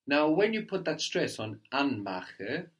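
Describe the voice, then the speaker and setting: A man teaching a language lesson, patiently prompting his student and repeating each answer slowly. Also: fairly high pitch, sing-song, fairly bright tone.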